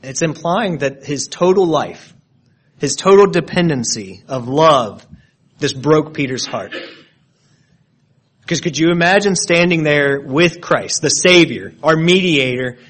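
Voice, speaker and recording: A man's voice: on the high side, lively intonation, unhurried, fairly bright tone. A man preaching an expository sermon, explaining word meanings with frequent restarts and repeated words.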